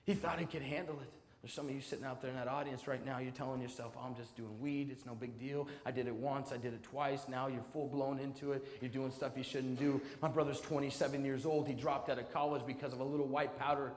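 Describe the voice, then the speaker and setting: A man in his twenties giving a motivational speech at a school assembly, dramatic, swinging between loud and hushed. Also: mid-range voice, level tone, fast talker, few pauses, a little hiss or hum. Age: 20s. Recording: long hall reverb.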